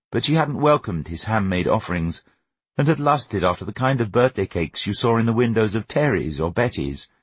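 Husky, expressive male narrator. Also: deep voice, dry recording. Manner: expressive, wry storytelling with lively shifts in tone. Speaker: audiobook narrator. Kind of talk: scripted narration.

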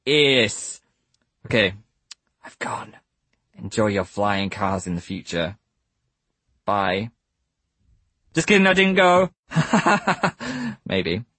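A man's voice: fairly low pitch, big pitch swings, slow pace, pauses often, sharp tone, no echo, exaggerated voice. A man voicing a hyperactive twelve-year-old boy recording a message for the future, full of silly jokes. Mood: giddy. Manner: giddy, jumpy, silly jokes.

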